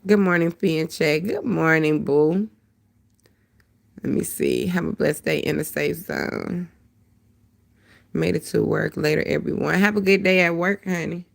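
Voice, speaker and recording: A woman with a deep voice and a dry throat, talking bluntly and heatedly in a casual livestream chat on her phone. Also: measured pace, gravelly, pauses often. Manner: blunt, profane, heated storytelling. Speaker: livestream host.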